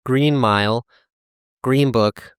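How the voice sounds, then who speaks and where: A man's voice: medium pitch, slow, clear, resonant tone, no room sound, studio quality. Joking man on a podcast. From Boston, USA. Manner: playful, joking. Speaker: podcast co-host. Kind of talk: casual podcast chat.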